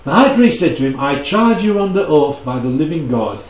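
Male preacher, conversational Bible teacher, fairly high voice, distant echoey hall recording, faint room hum. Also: sing-song, fairly quick. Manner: conversational, checks in with the audience often. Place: church hall. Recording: dull, echoey hall from far off.

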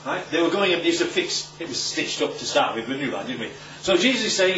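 In a slightly high, swooping voice, a male preacher gives lively, emphatic Bible teaching to a room of live listeners, peppering them with rapid rhetorical questions. The distant, echoey recording is somewhat muffled and carries a little hiss or hum.

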